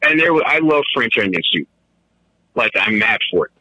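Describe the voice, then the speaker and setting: A middle-aged man tells stories to a radio host in a casual, animated way. His voice is bright and forward, with a dry, close sound. He laughs often and jumps up into a high voice when quoting people. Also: normal speed, slightly rough, no room sound, poor audio. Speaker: caller. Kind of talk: casual storytelling.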